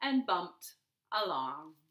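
A woman librarian reads a children's picture book aloud at an unhurried pace. Her bright voice swoops up and down with lots of expression. The living room around her adds a noticeable echo. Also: fairly low pitch. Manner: expressive, lively storybook reading. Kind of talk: storytime read-aloud.

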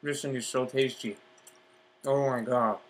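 Husky man savoring food slowly. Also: mid-range voice, fairly even intonation. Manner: enthusiastic, talks with mouth full, lots of mm sounds. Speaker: vlogger. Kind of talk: casual eating vlog.

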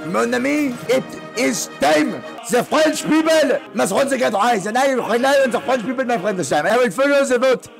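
A grandstanding French head of state, as a gamer puts him on, high-pitched and gravelly, hamming up every line. He leans on "my friend" again and again over faint music. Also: very animated, moderate pace, few pauses, heavily acted. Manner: theatrical, keeps saying "my friend". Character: pompous male French leader, shouting "my friend". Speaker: player leading France. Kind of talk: multiplayer strategy game role-play.

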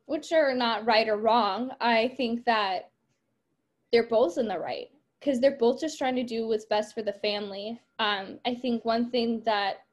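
A woman teacher recapping and discussing a play in a casual way, thinking aloud with frequent ums. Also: a little high.

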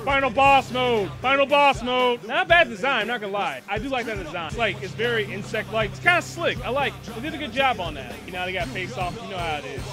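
A man with a very high voice reacts to a movie as he watches, excitable and profane, full of sudden exclamations. Faint music plays behind him. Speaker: movie reviewer. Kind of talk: live movie reaction commentary.

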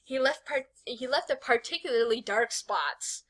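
A woman's voice: a little high, moderate pace, fairly bright tone, low-quality recording. A young woman reading a fanfic aloud as a host, giggling often and breaking off with swearing exclamations. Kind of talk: casual comic read-along.

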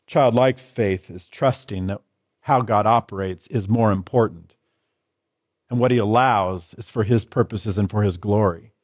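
A man's voice: on the low side, unhurried, no echo. Emphatic male pastor, dry close sound. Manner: emphatic, repeats and contrasts key phrases. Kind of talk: sermon.

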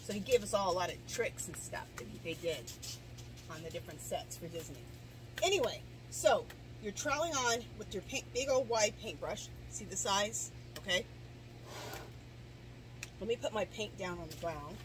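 A woman's voice: medium pitch, normal speed, background noise. A middle-aged woman with the hiccups, chatting casually and rambling through a do-it-yourself garden tutorial outdoors, with the camera set down some way off. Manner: chatty, rambling, many restarts and asides. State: hiccups and coughing. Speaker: garden vlogger. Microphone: camera set down at a distance.

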